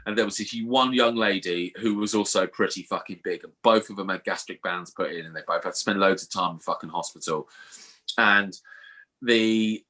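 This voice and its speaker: A man's voice: low-pitched, normal speed, bright, forceful tone. A man co-hosting a podcast, telling a story in casual chat and swearing freely. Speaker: podcast co-host.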